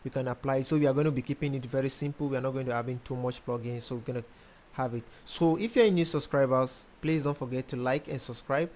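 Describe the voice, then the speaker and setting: A young man, a music producer casually talking through a tutorial step by step, pausing often with ums. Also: medium pitch. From Nigeria. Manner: relaxed, hesitant with frequent ums, explains step by step. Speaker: music producer teaching mixing. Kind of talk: casual screen-recorded tutorial.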